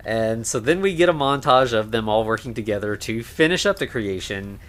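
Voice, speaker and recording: A man co-hosting a podcast, casually recapping a film with lots of fillers and quick acted-out lines. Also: lowish voice, animated, fairly bright tone. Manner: laid-back, many fillers, acts out lines. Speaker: podcast co-host. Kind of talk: casual movie recap chat.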